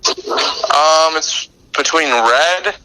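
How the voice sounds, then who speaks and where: A man takes his time with each answer, drawing words out and pausing with small hesitations. His voice has a sharp, bright edge, and his tone stays joking and relaxed. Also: a little high, a little hiss or hum, low-quality recording. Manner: hesitant, jokey, drawn-out answers. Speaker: interview guest, fan voice actor. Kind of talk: casual chat.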